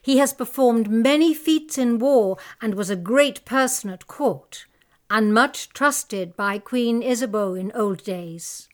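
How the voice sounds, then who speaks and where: A woman's voice: fairly high pitch, slow. A young woman playing a distressed young noblewoman, speaking with emotion in a dramatic audiobook reading. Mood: sorrowful. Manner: emotional, pleading and indignant.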